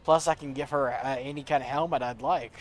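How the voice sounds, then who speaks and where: A man's voice: medium pitch, steady tone, fairly quick, faint music behind. A young man streaming a video game, rambling through gear stats and joking about his own voice as he talks to chat. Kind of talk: casual gameplay commentary. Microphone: studio desk mic.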